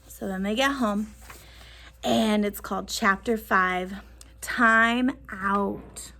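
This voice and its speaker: A woman teacher reads a storybook aloud to young children from her classroom. Her voice sits fairly high, and she pauses to ask the kids questions. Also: fairly bright tone. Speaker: first grade teacher.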